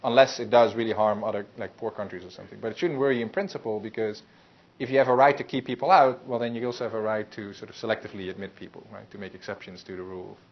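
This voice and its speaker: Rapid-fire and hardly pausing, a man with a fairly low voice teaches a university class in a loose, talky way, restarting sentences and using many fillers. It's a muffled lecture recording with a faint hiss.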